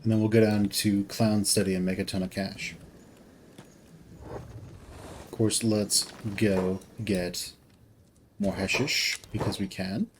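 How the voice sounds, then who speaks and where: A man with a fairly low voice gives casual commentary while he plays a game. He thinks out loud, trails off and restarts his sentences as he goes. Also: takes it slowly, pauses often, a little hiss or hum, low-quality recording. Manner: thinks aloud, rambling with restarts. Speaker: game streamer.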